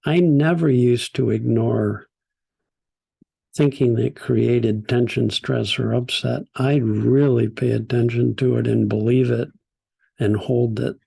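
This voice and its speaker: Gravelly older man telling stories. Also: mid-range voice, steady tone. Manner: gentle, unhurried storytelling with soft laughs. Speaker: teacher. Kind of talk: storytelling talk.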